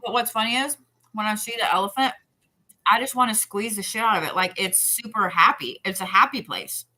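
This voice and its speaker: A woman's voice: mid-range voice, a little fast, bright, forceful tone, poor audio. A woman giving intuitive readings to viewers on a live stream, talking in a rambling, repetitive, chatty way. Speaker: psychic reader.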